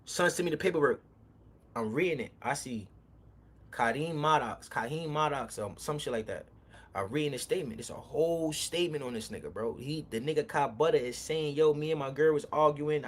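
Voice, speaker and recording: Animated New man telling street stories. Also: on the high side. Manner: animated, profane, acts out confrontations. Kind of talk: casual street storytelling.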